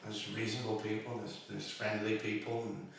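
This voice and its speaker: A man in casual comedic chat as co-host, halting with fillers and laughing at his own jokes. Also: lowish voice, little pitch movement, vocal fry, a bit bright, a little hiss or hum. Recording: echoey room, distant mic.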